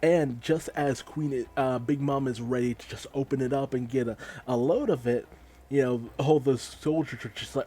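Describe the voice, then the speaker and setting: A man giving a casual manga chapter recap in a loose, animated way, laughing and swearing. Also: mid-range voice, normal speed. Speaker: manga reviewer.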